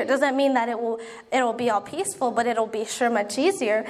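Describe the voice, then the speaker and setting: A young woman delivers a sermon in a high, light voice. She talks earnestly and conversationally, slipping into spoken prayers. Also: moderate pace. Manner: earnest, conversational preaching with repeated appeals and acted prayers. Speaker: preacher.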